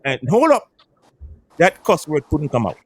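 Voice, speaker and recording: A man with a West Indian accent tells stories with animated energy and keeps repeating phrases for emphasis. His voice sits a bit higher than most men's. The talk is casual podcast chat. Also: a little slow, slightly rough. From Antigua. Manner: animated storytelling, repeats himself. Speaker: podcast panel guest.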